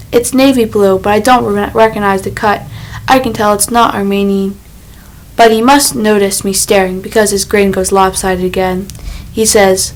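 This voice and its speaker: A woman's voice: medium pitch, low-quality recording. Woman reading a first-person audiobook. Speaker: audiobook narrator. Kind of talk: first-person scripted narration.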